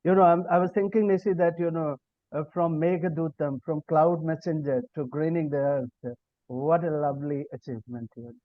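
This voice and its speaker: A man's voice: a little high, steady tone, brisk, no room sound. A man with an Indian English accent who is a poet and professor. He introduces himself with many fillers, then reads a poem aloud on a video call. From India, Bihar. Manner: hesitant, many fillers, rising emphatic reading. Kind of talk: self-introduction and poetry reading on a video call. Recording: dull lo-fi video call audio.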